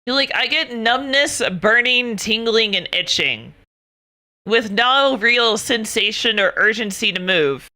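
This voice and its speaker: A young woman streams herself chatting with viewers, talking in an animated, exasperated rant full of swearing. Her voice is very bright and crisp, smooth and clear. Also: on the high side, unhurried. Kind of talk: casual chat.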